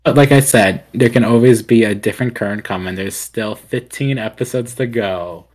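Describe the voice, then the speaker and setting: A man's voice: on the low side, moderate pace. A man co-hosting a casual podcast, talking in loose, rambling sentences packed with fillers, from a home mic on an online call. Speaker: podcast co-host.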